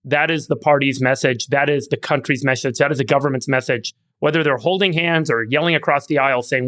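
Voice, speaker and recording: A man's voice: medium pitch, fairly even intonation, quick pace, hardly any pauses, fairly bright tone. A man co-hosting a podcast panel, speaking in an earnest, optimistic way. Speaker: podcast co-host. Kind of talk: casual panel chat.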